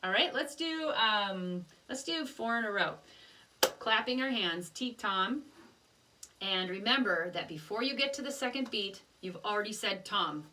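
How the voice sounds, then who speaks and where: A woman's voice: medium pitch, expressive, measured pace, pushed and bright, recorded from a distance, a little hiss or hum. A woman teaching a children's music lesson, patiently explaining rhythms step by step and chanting rhythm syllables.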